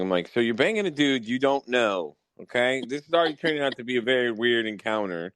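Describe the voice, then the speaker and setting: A man hosting a podcast, telling wild work stories in a casual, profane, animated way. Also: medium pitch, fast talker, dry recording, rough recording. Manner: profane, animated storytelling with mock exasperation. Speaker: podcast host. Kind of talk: casual storytelling chat.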